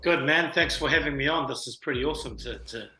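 A man's voice: on the high side, fast, bright, forceful tone, slight background noise. A man, a film writer and producer, telling his story in laid-back slang with many fillers as an interview guest. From New Zealand. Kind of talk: casual interview chat. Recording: roomy echo.

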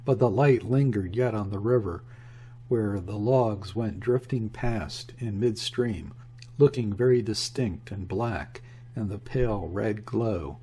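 A man narrating a classic novel as an audiobook, reading in a measured, even way. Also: lowish voice, breathy edge.

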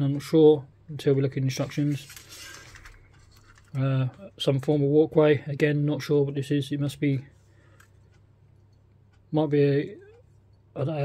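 A British man who reviews scale model kits talks casually through an unboxing. His voice sits on the high side with a dark tone, and he often sounds hesitant, thinking aloud as he goes.

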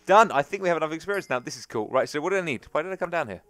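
A man's voice: a little high, animated, very fast, fairly bright tone, faint music behind. A man hosting a gaming let's play, thinking aloud as he plays and chatting eagerly to his viewers. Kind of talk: gameplay commentary.

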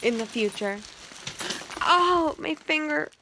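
Slow-talking young woman, noisy recording. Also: high voice, expressive. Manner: rambling, self-mocking, lots of fillers. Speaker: vlogger. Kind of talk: casual chat. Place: at home indoors.

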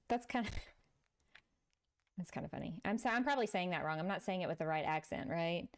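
Streaming a building game to her viewers, this middle-aged woman from Texas speaks with a Texan accent in a fairly low, clear, resonant voice. She chats casually with live chat and laughs frequently as she plays.

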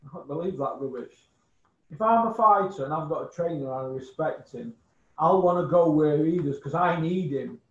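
A man's voice: a little high, moderate pace, echoey room, highs cut off. A man giving blunt, scornful opinions on boxing in casual chat, swearing and repeating insults. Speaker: boxing pundit guest.

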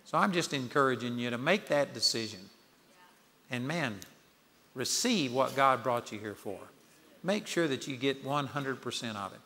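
A man's voice: mid-range voice, lively intonation, normal speed, pushed and bright. A man preaching and praying fervently to a room of students, exhorting them to commit themselves. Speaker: Bible college founder and teacher. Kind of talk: sermon and prayer. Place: large auditorium. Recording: reverberant hall.

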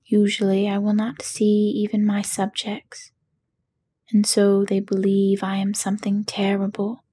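Whispered role-play: woman doing a trembling old fake wizard, slow and breathy, low-key storybook voice. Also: completely flat delivery, mellow. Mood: meek. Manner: trembling, meek and pleading. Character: timid little old man posing as wizard.

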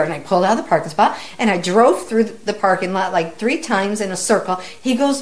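A middle-aged woman casually telling stories as a medium, lively as she acts out what people said. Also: mid-range voice, brisk, hardly any pauses. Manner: animated, acts out quoted voices. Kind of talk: casual storytelling.

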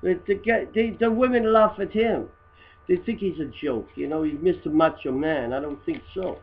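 A man doing a crude loudmouth. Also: fairly high pitch, moderate pace, phone-quality sound, a little hiss or hum, natural voice. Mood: mocking. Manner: crude, rambling, broken English. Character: crude, rambling immigrant guy mocking photos. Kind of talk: comedy satire monologue.

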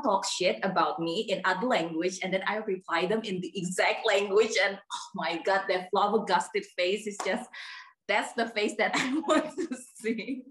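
A woman's voice: medium pitch, unhurried, echoey room. Hesitant woman on a video call. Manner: hesitant, many fillers, lively. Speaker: workshop participant. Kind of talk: telling a personal story.

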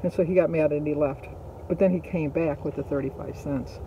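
High-voiced man. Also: fairly even intonation, brisk, warm tone, lo-fi sound, a little hiss or hum. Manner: chatty, rambling, with frequent fillers. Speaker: vlogger. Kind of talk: casual storytelling.

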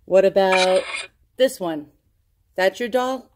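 A woman casually talking through a ghost hunting session at home, asking slow questions aloud with pauses in between. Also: medium pitch, very noisy. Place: indoors at home with a dog nearby.

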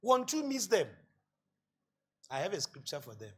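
A male pastor with a Botswana accent preaching a sermon, asking rhetorical questions and building to loud shouts. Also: high voice, wildly swooping pitch, moderate pace, breathy edge. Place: church hall.

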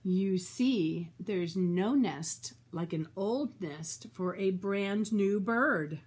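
Grandma voicing a gentle mother bird. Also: mid-range voice, drawn-out words, slightly rough, voice pushed down. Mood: content. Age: older. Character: calm contented mother bird.

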